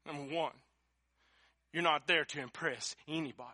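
A middle-aged man preaching a sermon, impassioned, building up to shouting at its peaks. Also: on the high side, normal speed, no room sound. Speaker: pastor.

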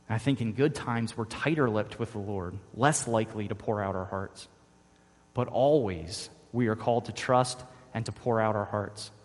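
A man, a father, preaching a sermon as pastor, earnest and repeating key phrases for emphasis. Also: medium pitch. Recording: long reverb of a large hall.

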